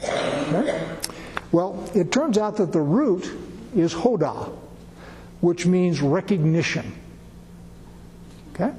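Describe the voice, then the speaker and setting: A man's voice: high-pitched, animated, slow pace, long pauses, warm tone, long reverb tail, low-quality recording. A man giving an informal sermon as a Bible teacher, plainspoken and folksy, often checking in with his listeners. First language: English; not a Hebrew speaker.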